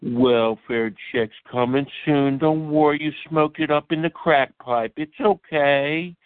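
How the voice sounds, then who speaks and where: A male caller trading slow, mocking, drawn-out taunts on a call-in show. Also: fairly high pitch, clear, resonant tone, dry recording. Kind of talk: call-in insults. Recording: dry tinny phone line.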